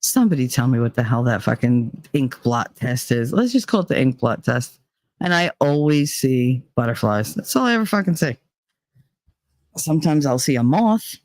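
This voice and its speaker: A woman's voice: extremely low pitch, animated, moderate pace, a little mellow, dry recording. A woman chatting casually with her viewers, rambling and swearing as she talks, shaky and dizzy after a panic attack. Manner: rambling, swearing, laughing often. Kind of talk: casual live-stream chat.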